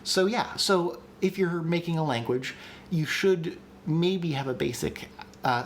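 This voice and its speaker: A man teaching on a live stream, answering chat questions and thinking out loud with frequent ums and restarts. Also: mid-range voice, a little hiss or hum. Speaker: streamer teaching language creation. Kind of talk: live-streamed casual lecture.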